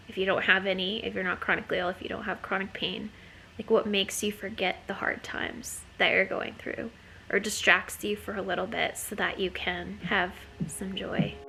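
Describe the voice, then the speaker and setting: A woman vlogging at home in a casual, expressive way, moving between soft talk and loud outbursts. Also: mid-range voice, vocal fry, a little hiss or hum. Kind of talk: casual vlog chat to camera. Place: at home with her dogs.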